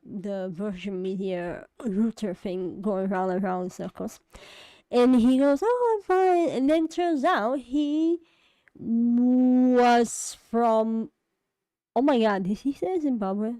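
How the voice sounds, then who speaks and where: A woman's voice: a little high, mellow, clean tone, no room sound. A woman vlogger talking casually to camera, rambling and hesitant with many fillers and restarts, often laughing at herself. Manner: self-deprecating, laughs often. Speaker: vlogger and animator.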